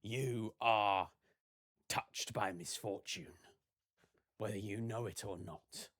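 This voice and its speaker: Guy doing old marsh shaman, cryptic, low murmury solemn voice. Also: slow, fairly bright tone. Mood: ominous. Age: older.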